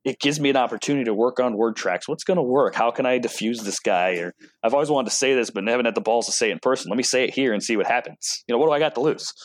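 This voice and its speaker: A man's voice: medium pitch, racing, hardly any pauses, no room sound. Casual male guest, chatty storyteller who acts out quotes, dry close sound. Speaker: automotive product rep and guest. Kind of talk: casual interview talk.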